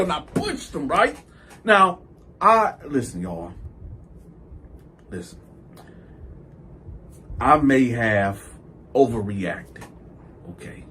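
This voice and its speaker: A man's voice: fairly high pitch, slow, long pauses, slight background noise. A man telling a story to camera in a casual, profane way, acting out each scene. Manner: animated, profane, acts out the scenes. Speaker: storytelling video host.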